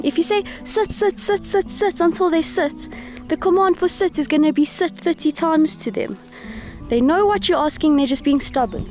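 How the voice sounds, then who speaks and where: Woman vlogger, high voice, outdoors with handheld camera, music under. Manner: chatty, swears freely, gives firm commands to her dogs. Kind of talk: casual outdoor vlog narration. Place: outdoors in the bush.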